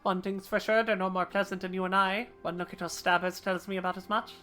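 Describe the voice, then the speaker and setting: A woman's voice: mid-range voice, flat delivery, fast talker, a bit bright, soft background music, lightly acted. A woman voicing a sly, roguish male thief who talks in old-fashioned rogue slang. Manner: old-fashioned rogue slang, reading game dialogue aloud.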